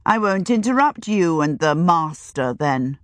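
Woman voicing fierce farm woman, sharp, demanding, storybook reading, dry close sound. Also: low voice, very animated, unhurried, no room sound. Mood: fierce, earnest. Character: fierce, proud middle-aged farm woman.

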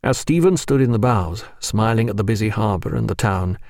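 A man narrating an audiobook in expressive storytelling style, close to the microphone. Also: fairly low pitch, a little fast, no room sound. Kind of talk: scripted narration.

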